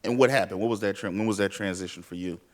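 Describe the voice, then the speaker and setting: A man moderating an onstage interview, friendly and a bit halting, often restarting his questions. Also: fairly low pitch. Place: event stage with audience.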